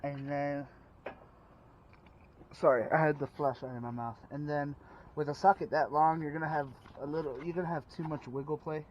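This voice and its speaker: A man's voice: a little high, lo-fi sound, a little hiss or hum. A man talking casually through a car repair, rambling with fillers and restarts, recorded outdoors at night while working under the car. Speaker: DIY car repair vlogger. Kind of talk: casual how-to narration.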